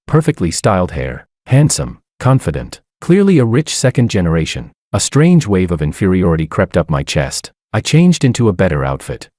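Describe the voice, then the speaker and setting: Deep-voiced man narrating a love story. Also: darkish tone, no room sound, clean studio sound. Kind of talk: scripted first-person narration.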